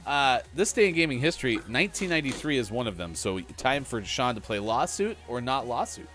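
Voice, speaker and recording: A man's voice: medium pitch, sing-song, fairly quick, fairly bright tone, soft background music. A man hosting a gaming morning show, reading birthdays and history with jokes. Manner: joking, reads from a rundown. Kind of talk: casual radio chat.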